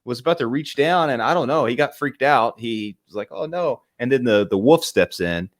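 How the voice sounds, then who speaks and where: A man co-hosting a casual film talk podcast, excitable and profane, laughing as he retells scenes. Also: mid-range voice, a little fast. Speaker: podcast co-host.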